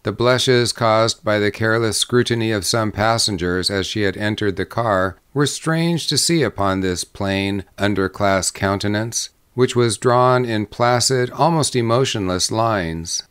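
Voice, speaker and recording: A man reading a short story aloud as an audiobook narrator, with measured pacing that slows on descriptive lists. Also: lowish voice, fairly bright tone, clean tone. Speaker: audiobook reader. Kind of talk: scripted narration.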